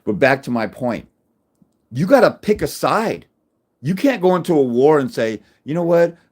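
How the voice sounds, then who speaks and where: A middle-aged man talks straight to camera in a crude, confrontational rant. He trips over restarts, then punches his points hard and loud, his pitch leaping up. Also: sing-song, moderate pace. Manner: combative, crude, many restarts, swings loud when making points. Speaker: fathers' rights advocate. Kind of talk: blunt direct-to-camera rant.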